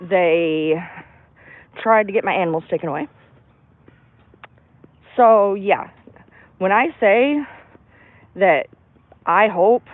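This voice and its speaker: A woman with a mid-range voice vents on a livestream from a park, ranting bluntly and emphatically and swearing freely. The audio is dry and tinny, like a phone, with no room sound.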